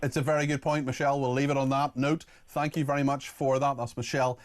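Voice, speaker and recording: A male talk radio host who speaks quickly at a mid pitch. He handles callers and listener messages in a brisk, chatty way, moving the show along without pause. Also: level tone.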